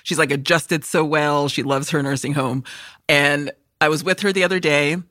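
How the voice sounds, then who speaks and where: Bright-voiced, cussing storyteller woman. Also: low voice, fairly even intonation, normal speed, no room sound, studio quality. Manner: profane, laughing storyteller. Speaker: podcast co-host. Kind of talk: casual chat.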